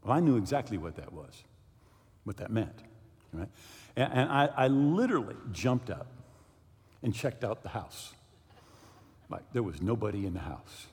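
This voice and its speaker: A man preaching a sermon as pastor, telling a personal story and reading scripture slowly and deliberately. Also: fairly low pitch. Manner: storytelling with lively swings, slowing down for scripture reading. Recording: long hall reverb.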